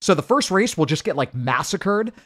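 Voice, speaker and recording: A man hurriedly commenting on a live racing game stream and chatting with his viewers. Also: fairly high pitch. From United States. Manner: hurried, excitable, chats with viewers.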